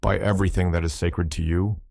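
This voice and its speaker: A desperate, grief-stricken mother begs for the truth about her son's death, read by a man in his own deep voice. Her pleading questions come low and close, with no room sound around them. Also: steady tone, brisk, vocal fry, a little mellow, dry recording. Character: grieving mother of a dead soldier.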